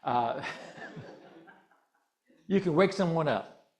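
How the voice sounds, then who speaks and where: A man's voice: on the high side, animated, very slow. A minister speaking in a chatty, joking way to his congregation from a microphone in a church hall. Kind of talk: conversational sermon. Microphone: handheld or stand mic, slightly ringing.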